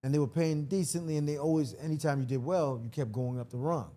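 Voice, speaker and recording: A man's voice: on the high side, fairly even intonation, dark tone. A man from Washington, D.C., a comedian and actor, chatting loosely as a podcast guest and swearing freely as he tells stories. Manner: loose, profane storytelling with quick acted-out asides. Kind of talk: casual podcast chat.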